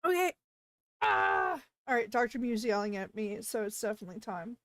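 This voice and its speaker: A woman streaming live in a casual chat, flustered and panicky as she apologizes and breaks into excited greetings to viewers. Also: fairly high pitch, moderate pace, dry recording. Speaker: VTuber streamer.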